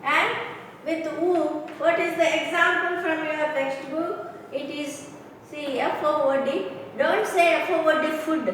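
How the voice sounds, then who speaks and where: A woman teaching pronunciation in a slow, repetitive classroom lecture, often checking if students understand. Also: high voice, fairly bright tone, slight background noise. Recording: echoey classroom, voice from far off, faint ambience.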